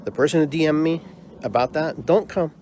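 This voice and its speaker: A man's voice: fairly high pitch, fairly quick, a little mellow, a little hiss or hum. A man hosting his own podcast, delivering a heated, frustrated monologue full of repeated rhetorical questions. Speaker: podcast host and drum circle leader.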